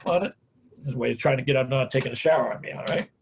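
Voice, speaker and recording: This is a fast-talking middle-aged American man with a creaky, medium-pitched voice, plus a little hiss or hum in the audio. In a folksy storyteller's manner, he talks about caregiving and grief as a caregiving speaker, tacking "man, on it" onto many sentences.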